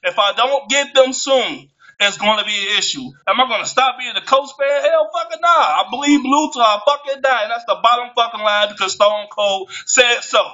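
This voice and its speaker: Angry, high-voiced man ranting. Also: normal speed, sharp tone. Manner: heated, swearing, stumbles over words when worked up. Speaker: sports fan vlogger. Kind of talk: angry profane rant to camera. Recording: muffled lo-fi recording.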